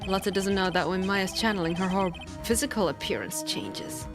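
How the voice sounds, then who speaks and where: A woman's voice: medium pitch, brisk. A woman giving casual, giggly commentary while reading a game aloud, over game music. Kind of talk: casual let's-play commentary.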